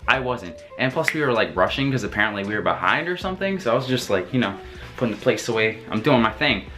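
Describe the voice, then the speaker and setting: Young man with a bright voice, storytelling. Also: on the low side, fast talker, faint music behind. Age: young adult. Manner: animated, laughs often, swears freely. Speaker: vlogger. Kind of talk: casual storytelling.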